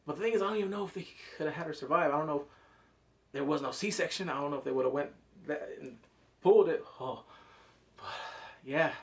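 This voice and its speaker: A man with a fairly high voice talks through a TV episode in loose, slangy chat. He gets animated, swears freely and jumps into little reenactments of the scenes. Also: quick pace, pauses often. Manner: swears casually, slangy and emotional. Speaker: TV show reviewer. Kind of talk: casual episode review.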